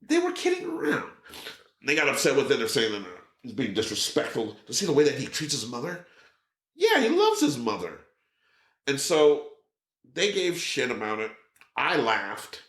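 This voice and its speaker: Animated male storyteller in a roomy space. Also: medium pitch, moderate pace. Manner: animated, acts out other people's lines; swears casually. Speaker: podcast guest. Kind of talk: casual storytelling. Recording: roomy echo.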